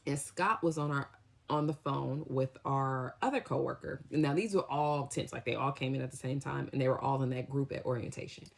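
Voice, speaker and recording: A young woman with a low, deep-set voice tells a story casually to her viewers. She talks in a slangy, animated way and jumps into lively acted-out quotes. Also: a little fast, gravelly. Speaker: storytime vlogger.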